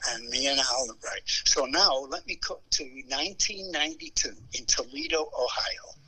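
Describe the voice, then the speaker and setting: An older man, telling stories as a musician guest in an interview, animated and acting out the people in them. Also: medium pitch, normal speed, husky, low-quality recording. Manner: animated storyteller who acts out voices and hums melodies. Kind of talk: anecdotal storytelling interview.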